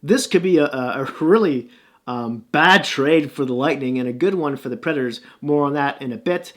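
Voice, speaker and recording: A man's voice: medium pitch, moderate pace, a bit bright. A man giving casual sports commentary as a hockey vlogger, talking loosely with many fillers and restarts and reeling off stats. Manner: reels off stats and standings.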